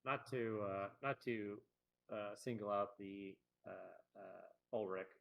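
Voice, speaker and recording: A man's voice: lowish voice, slow, vocal fry. A man playing a tabletop game, hesitant and self-mocking with lots of stalls. His voice comes through a dull, lo-fi recording. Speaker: player. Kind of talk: casual tabletop chat.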